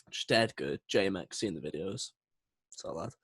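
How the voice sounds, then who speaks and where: A man's voice: sits low, expressive, normal speed, a bit bright, breathy edge, no echo. A young man, co-hosting a casual podcast chat in a chatty, enthusiastic way and laughing often. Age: young adult. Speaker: podcast co-host.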